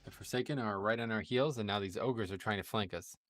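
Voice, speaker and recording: A man's voice: lowish voice, fairly quick, a bit bright, dry recording, clean studio sound, lightly acted. A man reading out the lines of an urgent male human military leader in a plain voice. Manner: plain read-aloud of quest text. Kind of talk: reading game dialogue aloud.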